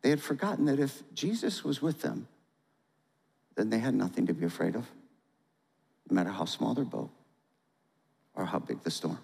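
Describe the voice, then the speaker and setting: A male pastor giving a sermon, reading a storybook aloud in a dramatic, animated way and asking listeners to respond. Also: lowish voice, moderate pace, creaky, pauses often, breathy edge. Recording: long hall reverb.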